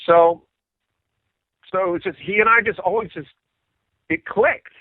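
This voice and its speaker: A musician guest with a high-sitting voice takes his time telling stories in a casual interview. He's animated and acts out the quoted voices of others. The recording is dry and comes through a tinny, phone-like line.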